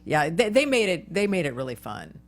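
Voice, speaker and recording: Low-voiced woman with lively pitch. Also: fairly quick, soft background music. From United States. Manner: relaxed, conversational, many fillers. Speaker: actress, interview guest. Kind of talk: casual interview chat.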